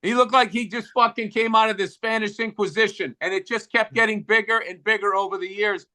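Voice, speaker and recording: A man's voice: sits high, steady tone, a little fast, sharp tone. A middle-aged man with a Boston accent, co-hosting a podcast in casual comedic chat, ranting profanely and sarcastically. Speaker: podcast co-host.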